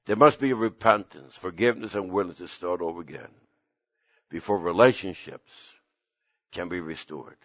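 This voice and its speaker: An older man, a pastor, preaching an impassioned sermon whose pitch climbs suddenly at its peaks. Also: moderate pace, a bit bright, no echo, highs cut off.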